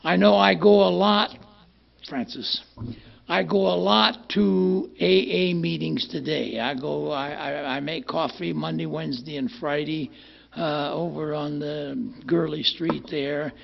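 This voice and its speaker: An older man with a slightly high, gravelly voice speaks at a measured pace with fairly even intonation. He gives a plainspoken, rambling personal testimony at a recovery meeting, often repeating words. The recording is muffled and lo-fi.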